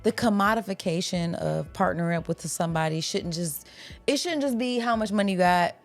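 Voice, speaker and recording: A woman's voice: fairly low pitch, brisk, faint music behind. A woman co-hosting a casual book-club podcast, speaking frankly and swearing freely. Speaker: podcast co-host.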